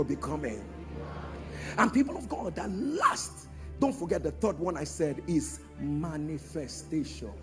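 A man preaching a sermon in a large church, calling out to the congregation and swinging from hushed tones to shouts. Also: fairly high pitch. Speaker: pastor.

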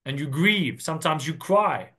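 A man preaching an earnest sermon, reading and explaining scripture with slow, drawn-out emphasis. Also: fairly high pitch, lively intonation, a bit bright.

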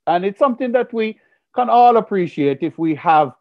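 A man's voice: sits high, normal speed, dull audio. Punning Jamaican man doing stand-up comedy. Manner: playful, punning, animated storytelling. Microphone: video call.

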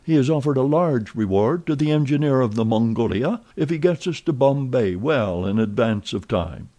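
A man voicing an excitable, talkative young French manservant in an audiobook, eager and full of exclamations. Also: medium pitch, moderate pace, voice pushed up, close to an everyday voice. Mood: excited chatter.

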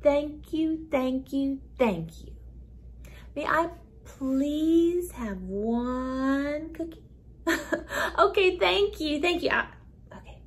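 A woman's voice: sits high, lively intonation, extremely slow. Sing-song woman teaching preschoolers. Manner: sing-song, gentle, repeats words. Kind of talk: playful talk to young children.

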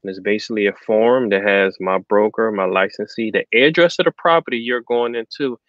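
A man's voice: fairly low pitch, a little fast, a bit bright, no echo. A man, a realtor guest, plainly explaining procedures in an interview. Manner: plain, matter-of-fact explaining. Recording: dry, dull lo-fi sound.

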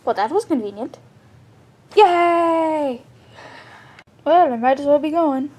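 A woman's voice: high voice, animated, slow, darkish tone. A woman voicing every character in a comedic fan skit, stammering with hesitant restarts. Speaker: fan video maker voicing all characters.

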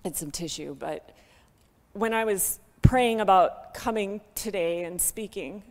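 A woman giving an emotional church testimony into a microphone. She is heartfelt, laughs often and speaks loudly. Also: mid-range voice, unhurried. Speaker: guest speaker sharing a ministry testimony. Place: church sanctuary. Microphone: handheld microphone. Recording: long reverb of a church hall.

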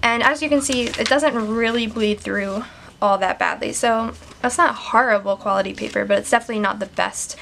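A woman's voice: fairly high pitch, brisk, vocal fry, a bit bright, a little hiss or hum. A woman vlogger chatting casually while showing off her stationery setup, with lots of "like" fillers. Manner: enthusiastic. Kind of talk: casual show-and-tell chat.

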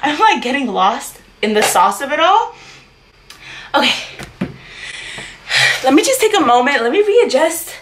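A woman's voice: high voice, sing-song, measured pace, long pauses, background noise. A young adult woman hosting a reaction vlog, bubbly and slangy, with "like" in nearly every sentence. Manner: bubbly, slangy, says "like" constantly. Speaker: YouTube reactor. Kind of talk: excited reaction vlog chat.

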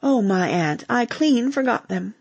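A cheerful, bumbling young English husband with a breezy, slangy way of talking, read by a woman. The voice is husky with a gravelly edge and swings up and down in pitch. It sits close and dry. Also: expressive, a little slow, darkish tone, no room sound, full character voice.

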